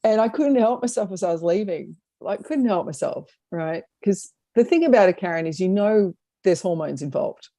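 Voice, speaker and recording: Woman co-host, mellow and laughing, telling comedy stories over a dry video-call line. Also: mid-range voice, expressive, normal speed, hardly any pauses, no room sound. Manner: chatty storyteller, laughs often. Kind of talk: casual comedic chat.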